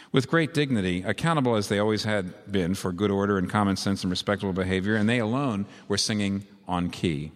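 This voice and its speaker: A man preaching a sermon, retelling a story vividly and with emphasis before leading a prayer. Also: fairly low pitch. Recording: long hall reverb.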